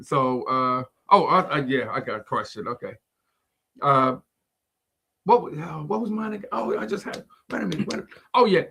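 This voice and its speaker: A man co-hosting a faith podcast who talks in a relaxed, chatty way and laughs easily. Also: fairly high pitch, moderate pace, vocal fry, slightly rough. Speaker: podcast co-host. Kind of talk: casual storytelling chat.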